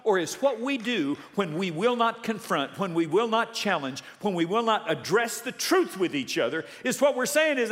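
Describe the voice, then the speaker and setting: Male preacher, higher voice, lively swooping delivery, storytelling sermon with congregation call-outs. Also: normal speed, few pauses. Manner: animated storytelling, calls out to congregation. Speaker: pastor. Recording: long reverb of a large hall.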